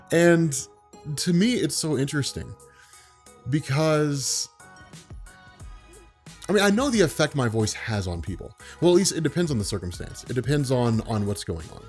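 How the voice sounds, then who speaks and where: A man vlogging in a relaxed, unhurried way, with a voice that carries and commands attention, spoken from the diaphragm. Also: medium pitch. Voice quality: carrying, commanding voice. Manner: calm, laid-back, unhurried; speaks from the diaphragm. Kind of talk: relaxed talk to camera.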